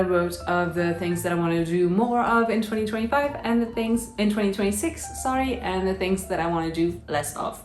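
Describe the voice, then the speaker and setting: A woman's voice: medium pitch, a little fast, few pauses, echoey room, soft background music. A woman who is a native French speaker chats casually to camera in English, with a French accent that drifts between British and American and an upbeat, chatty manner. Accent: French, shifting between British and American. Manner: upbeat and chatty, with frequent restarts. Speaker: illustrator and YouTuber.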